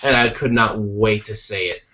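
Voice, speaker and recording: American man, podcast co-host, animated jokey storyteller, tired, slightly dull lo-fi sound. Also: on the low side, normal speed, crowd noise. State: tired from little sleep. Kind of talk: casual chat.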